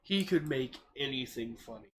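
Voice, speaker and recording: A young man with a mid-pitched voice, talking things over casually on a podcast. His delivery is steady and knowledgeable, with a faint hiss behind him. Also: moderate pace. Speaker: podcast co-host. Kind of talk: casual chat.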